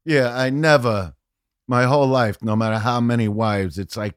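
A male guest comedian telling a story in casual podcast chat, brash and profane, often rising into loud rants. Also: mid-range voice, fairly even intonation, normal speed, smooth, no echo, clean studio sound.

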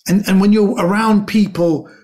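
A man from Britain, a comedian guest telling lively anecdotes in casual chat, acting out quotes and stumbling over restarts. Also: high voice, moderate pace. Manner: animated anecdotes with acted-out quotes and stammered restarts.

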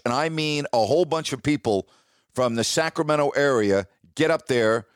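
A man's voice: medium pitch, no room sound, clean studio sound. A man who hosts a radio show, telling a story in a chatty, emphatic way and checking in with listeners. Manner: chatty, emphatic, repeats "all right?" to listeners. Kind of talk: casual storytelling.

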